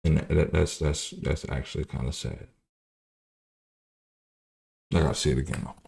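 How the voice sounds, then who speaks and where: A man's voice: very deep voice, fairly even intonation, moderate pace, gravelly, a little mellow, slight background noise. A man hosting a livestream, giving loose, profane political commentary with many restarts. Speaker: livestream host.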